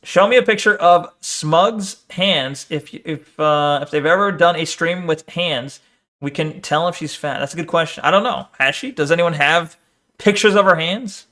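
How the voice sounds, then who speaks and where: A man's voice: fairly high pitch, normal speed, pushed and bright. A man streamer giving casual, crude reaction commentary, teasing and laughing often. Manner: crude, profane banter.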